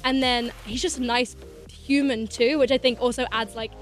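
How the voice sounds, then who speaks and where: A woman's voice: fairly high pitch, steady tone, moderate pace, soft background music. A teenage girl, a singer and actor chatting as a radio guest, bubbly and gushing with lots of fillers. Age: teens. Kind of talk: casual radio interview. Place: radio studio.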